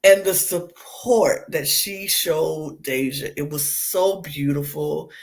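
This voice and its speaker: A podcast co-host retells a reality show episode in a loose, chatty way, lively and expressive. The voice sits in a middling pitch. Speech comes in quick bursts full of asides. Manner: lively storyteller who acts out quotes. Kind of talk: casual chat, recapping a reality show.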